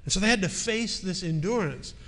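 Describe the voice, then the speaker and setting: High-voiced pastor preaching in a reverberant hall. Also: male voice, lively intonation, a little fast, a bit bright. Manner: conversational preaching, asks the congregation questions. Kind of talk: sermon.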